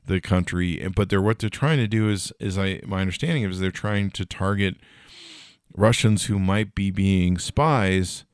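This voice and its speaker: A man's voice: low-pitched, unhurried, clean tone, no room sound, clean studio sound. A middle-aged man hosting a podcast, chatting casually about tech news with rambling, jokey asides and lots of fillers. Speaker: podcast host.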